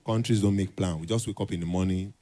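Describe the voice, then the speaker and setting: On a conference hall stage, a young man gives a lively motivational talk sprinkled with comic skits. He speaks fast in a low-pitched voice, acts out dialogues with animation, and builds up to emphatic urging.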